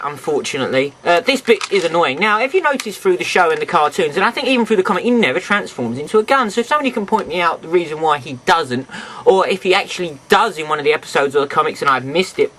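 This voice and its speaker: High, lively man rambling through a toy review. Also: slight background noise, poor audio. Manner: rambling, chatty, addresses viewers directly. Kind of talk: casual toy review to camera. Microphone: camera mic, sometimes off camera.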